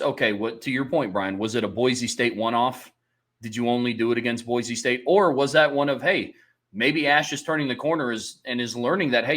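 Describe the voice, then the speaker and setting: A man's voice: mid-range voice, fairly bright tone. A man co-hosting a sports podcast, thinking aloud and weighing both sides in casual talk. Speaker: podcast co-host.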